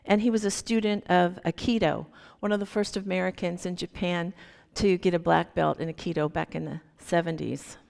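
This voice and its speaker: A woman minister telling a story in a sermon, gentle and unhurried. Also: fairly low pitch, steady tone, vocal fry. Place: church sanctuary. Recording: long hall reverb.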